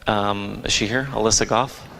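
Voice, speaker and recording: A man's voice: lowish voice, steady tone, normal speed, vocal fry, heavy background noise. A man, a theater director, giving a casual award speech, joking and hesitant with many ums, recorded in a school auditorium. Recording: long reverb of a large hall.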